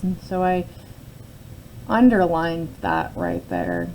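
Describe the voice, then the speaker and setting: Brief: woman teacher, lower mellow voice, patient step-by-step phonics lesson, faint noise behind. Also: very animated, slow pace, poor audio. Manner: patient, explains step by step with frequent "okay?" check-ins. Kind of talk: phonics lesson, talking through a word sort.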